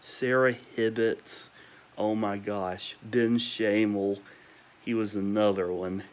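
A young man at home at night, ranting emotionally about people he misses and repeating warm praise, sometimes talking quietly. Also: fairly low pitch, fairly even intonation, slow. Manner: emotional, repetitive, listing names with gushing praise; talking quietly at times because parents are asleep. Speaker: vlogger. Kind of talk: nostalgic rant to camera.

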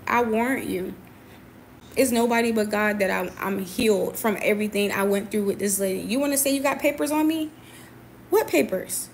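A woman's voice: mid-range voice, moderate pace, slight background noise. A young adult woman, a boxer, venting to camera in a confrontational, emphatic way, often repeating her points. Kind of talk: personal venting monologue.

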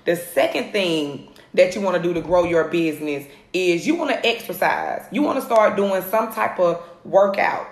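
Energetic woman coaching on phone. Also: lowish voice, normal speed. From Atlanta area, US. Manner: energetic, directly addresses viewers, repeats points. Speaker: home business coach. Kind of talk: live social media coaching. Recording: roomy phone recording.

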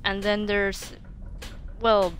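A woman's voice: mid-range voice, little pitch movement, extremely slow, slight background noise. A young woman with a Swedish accent, a native Swedish speaker, chatting and joking casually while streaming a game. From Sweden.

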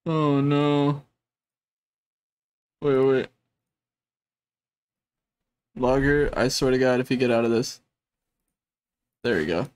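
A man streaming a shooter game live, swearing often and shouting at a teammate with frequent laughter. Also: takes it slowly, long pauses, clear, resonant tone. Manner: laughs often, voice jumps high when excited. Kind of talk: live gaming stream commentary.

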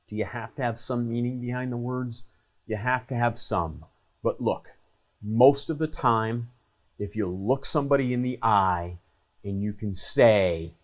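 A man's voice: mid-range voice, moderate pace. A man hosting a talk, giving earnest, conversational advice in short repeated phrases. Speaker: host and trainer. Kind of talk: casual advice monologue.

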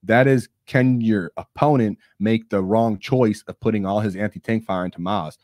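Energetic low-voiced man hosting a stream. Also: normal speed, no room sound, studio quality. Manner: energetic, opinionated, hypes things up and acts out quotes. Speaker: stream host. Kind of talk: casual live-stream chat about tabletop gaming.

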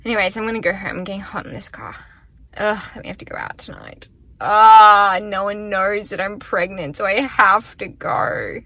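A woman's voice: medium pitch, animated, unhurried, gravelly, bright, forceful tone, a little hiss or hum. A young woman vlogging casually, rambling with lots of "like". She sounds tired and weak from being sick. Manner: chatty, rambling, full of "like". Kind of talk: casual vlog diary. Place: bus, then a car.

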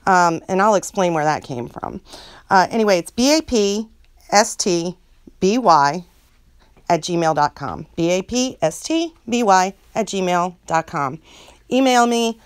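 A woman's voice: fairly low pitch, expressive, unhurried, smooth, no room sound. A woman who hosts a channel, chatting casually to her viewers in a rambling way and laughing often. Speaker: channel host.

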